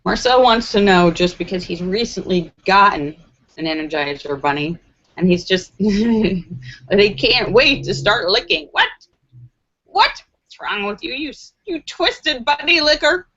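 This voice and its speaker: A woman's voice: mid-range voice, animated, measured pace, fairly bright tone, dull audio. A woman hosting a casual live stream and reading viewer comments aloud, playful and sassy, with frequent laughter and joking asides.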